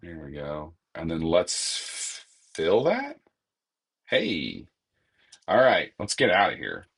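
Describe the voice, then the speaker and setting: Brief: a low, husky man chatting and joking as he plays. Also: huge pitch swings, takes it slowly, a bit bright. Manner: joking, chatty, talks to himself while playing. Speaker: gaming streamer. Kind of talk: casual gameplay commentary.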